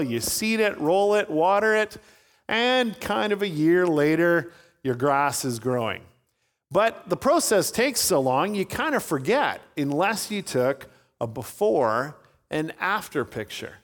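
Guy preaching a sermon, kinda high voice, long echo from a big church hall. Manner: storytelling, acting out voices in anecdotes. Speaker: pastor.

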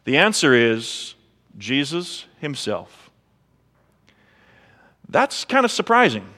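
Male pastor, high voice, conversational sermon delivery, reverberant sanctuary. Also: huge pitch swings, takes it slowly, bright, forceful tone. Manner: conversational preaching with rhetorical questions.

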